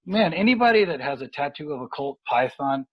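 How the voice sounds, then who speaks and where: A man chats about boxing in a loose, rambling way, stopping and restarting his sentences. His voice is husky and a little breathy. The sound is dull and lo-fi, like a remote line. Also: fairly high pitch, animated. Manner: rambling, halting with many fillers and restarts. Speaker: boxing analyst guest. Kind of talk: casual podcast chat.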